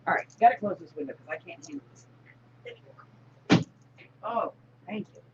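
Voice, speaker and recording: A woman hosting a casual live-stream chat, laughing loudly and often. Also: medium pitch, normal speed, long pauses, muffled recording, noisy background. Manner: loud laughing, animated. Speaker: host.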